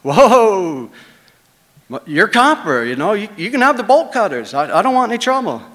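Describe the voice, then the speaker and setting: A man voicing a frightened young man who pleads in a higher, hurried voice. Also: lively intonation, vocal fry, a bit bright, in a large hall. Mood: pleading.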